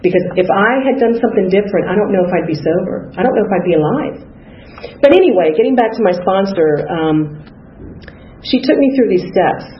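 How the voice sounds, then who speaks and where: A woman's voice: medium pitch, lively intonation, brisk. Candid woman sharing her recovery story. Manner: candid, conversational, frequent "you know". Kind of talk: personal testimony. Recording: dull, echoey, faintly noisy room.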